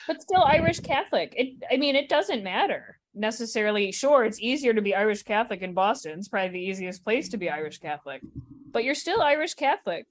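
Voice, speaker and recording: A woman on a discussion panel making an emphatic, insistent point. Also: mid-range voice. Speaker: podcast panelist. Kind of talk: casual discussion.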